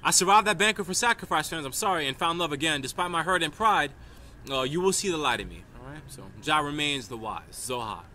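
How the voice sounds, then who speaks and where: Casting: man from New York, bright tense voice, rambling emphatic monologue, faint traffic behind. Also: a little high, lively intonation, a little fast, hardly any pauses. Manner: stream-of-consciousness, emphatic, repeats "right?". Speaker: vlogger.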